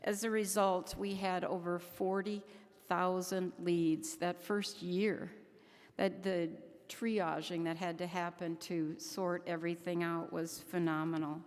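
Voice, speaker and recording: An older woman speaks earnestly from a conference stage, her low voice carrying through a large, echoing hall. She talks haltingly, often restarting her sentences as she goes. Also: flat delivery, darkish tone. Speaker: keynote speaker. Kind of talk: conference speech. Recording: echoey hall.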